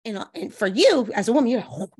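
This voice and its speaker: A woman relationship coach talking as a guest, giving lively advice and acting out playful quotes in different voices. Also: on the high side, fast talker, slightly rough. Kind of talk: animated advice chat with acted-out quotes.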